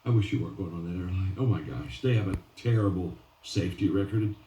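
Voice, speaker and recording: A man's voice: low voice, fast talker, warm tone, slight background noise, pitched below the performer's own voice, lightly acted. A man voicing a worried male barber who talks others out of their hopes, full of discouraging sighs. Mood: fretful. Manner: worried, discouraging, sighing exclamations. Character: gloomy, fretting male barber, doom-monger. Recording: roomy and distant from the mic.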